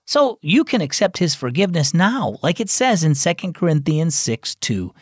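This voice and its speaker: A man's voice: a little high, sing-song, moderate pace, slightly rough, dry recording, studio quality. A man hosting a children's devotional program, reading a script in a friendly, earnest storytelling way. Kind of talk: scripted narration.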